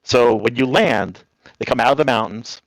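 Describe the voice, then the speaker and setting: A man's voice: medium pitch, moderate pace, no echo, poor audio. A man from New Jersey calling in, telling rambling stories in a casual way and acting out the voices in them. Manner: rambling, animated, acts out voices in anecdotes. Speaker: caller. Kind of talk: casual storytelling on a call.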